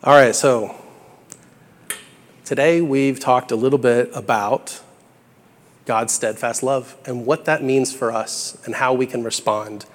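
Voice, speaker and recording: Earnest young preacher in echoing hall. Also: male voice, mid-range voice, steady tone, slow, pauses often. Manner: earnest, conversational, builds to bursts of emphasis. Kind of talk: sermon. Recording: echoey hall with long reverb.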